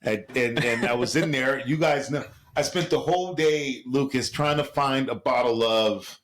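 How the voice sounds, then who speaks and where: A man's voice: medium pitch, normal speed, fairly bright tone. A man co-hosting a podcast, talking bluntly and casually with profanity and stammered restarts. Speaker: podcast co-host. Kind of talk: casual chat.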